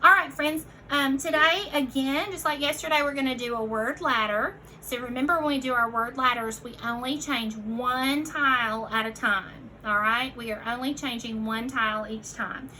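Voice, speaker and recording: A young woman teacher leading a recorded phonics lesson for children, giving slow, clearly enunciated prompts and calling her listeners friends. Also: high-pitched, sharp tone, a little hiss or hum, rough recording. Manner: encouraging, addresses listeners as friends.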